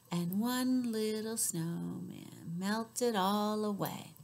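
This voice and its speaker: A woman librarian leading a children's story time, reading aloud with sing-song rhymes, loud cheers and whispered asides. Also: medium pitch, slow pace, hardly any pauses.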